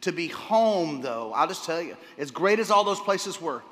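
A man pastor preaching a sermon to his congregation, enthusiastic, often repeating words and pausing with fillers. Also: on the high side, expressive, fairly bright tone. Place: church sanctuary. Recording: long hall reverb.

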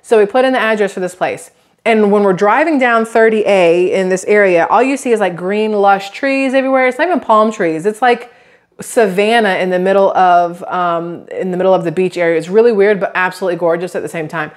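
This is a chatty woman in her thirties with a drawl, talking straight to her viewers in a casual vlog. She rambles through her stories and slips into little quoted voices along the way. Her pitch sits right in the middle for a woman. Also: brisk. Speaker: YouTube creator.

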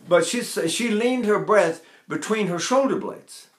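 A man's voice: high voice, unhurried. Older man teaching voice, echoey room. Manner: rambling, digressive explanations with sung demonstrations. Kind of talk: vocal technique lesson.

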